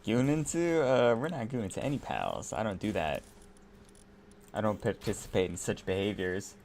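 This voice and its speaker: A relaxed American man with a lowish voice chats with his viewers while he plays, rambling easily and breaking into laughs. Faint keyboard typing ticks along behind him. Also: fairly quick, slight background noise. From United States. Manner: laid-back, rambling, laughs often. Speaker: live streamer. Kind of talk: casual chat with viewers while gaming.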